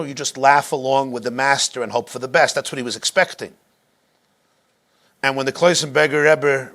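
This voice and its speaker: A male rabbi teaching a class, telling a story dramatically and slowing down to stress key moments. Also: medium pitch, fairly bright tone. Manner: dramatic, slows down for emphasis. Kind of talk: storytelling lecture.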